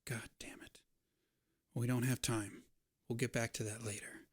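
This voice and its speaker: A man voicing an urgent young woman, just freed from captivity, in a tabletop game, speaking in a hurried, tense way. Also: mid-range voice, little pitch movement, a little mellow, no room sound, studio quality, lightly acted. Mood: worried.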